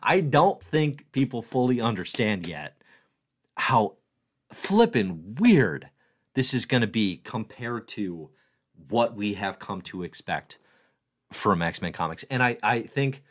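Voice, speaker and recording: A man hosting a weekly livestream, chatting casually, answering viewers' comments, excitable and playful with self-mocking jokes. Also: fairly low pitch, slow. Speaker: livestream host.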